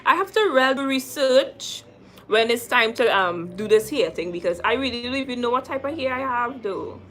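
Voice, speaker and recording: A woman's voice: fairly high pitch, lively intonation, normal speed, fairly bright tone. A woman in her twenties chatting casually with viewers during a live makeup stream, describing each step as she works. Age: 20s. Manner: chatty, addresses viewers directly while applying makeup. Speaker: makeup vlogger.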